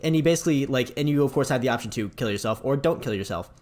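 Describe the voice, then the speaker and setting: A man's voice: medium pitch, expressive, racing, a little mellow. A man co-hosting a casual podcast, animatedly retelling game scenes and mimicking a villain in a mocking voice. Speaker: podcast co-host. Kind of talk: casual chat about video games.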